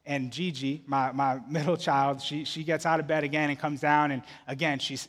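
A male pastor preaching in a relaxed, conversational way, with his voice sitting a little high. He keeps stopping and restarting phrases as he talks. A long reverb trails behind him in a church hall. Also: fairly quick. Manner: conversational storytelling with frequent restarts. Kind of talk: sermon.

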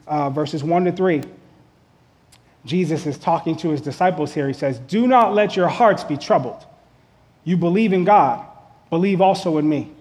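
A man's voice: high-pitched, a little mellow. A male pastor preaching an earnest sermon, repeating key lines for emphasis. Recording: long hall reverb.

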